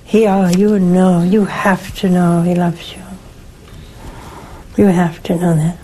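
Slow, gentle older woman preaching. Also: fairly low pitch, level tone, a little hiss or hum, rough recording. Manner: slow, gentle, emphatic, with rhetorical questions. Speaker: nun hosting a call-in show. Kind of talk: religious teaching and call-in advice.

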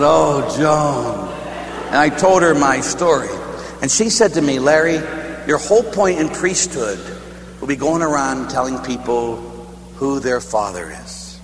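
A man who is a priest, from Pittsburgh, telling stories in a sermon in an animated, laughing way and acting out the voices. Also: a little high. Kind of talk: storytelling sermon. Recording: echoey hall with faint hum.

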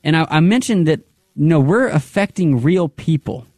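A man's voice: a little high, expressive, moderate pace, darkish tone, dry recording, studio quality. A man hosting a radio fundraising drive, upbeat, praying aloud and repeating the call-in number.

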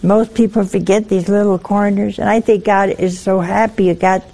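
A woman's voice: mid-range voice, steady tone, normal speed, warm tone. A woman giving a conversational sermon, telling folksy, humorous stories. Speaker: religious speaker.

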